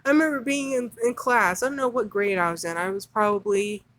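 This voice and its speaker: A woman's voice: mid-range voice, steady tone, a little fast, a bit bright, no room sound, poor audio. A woman hosting a commentary video, reading text aloud and reacting with indignant, sarcastic remarks and scornful laughs. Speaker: commentary channel host.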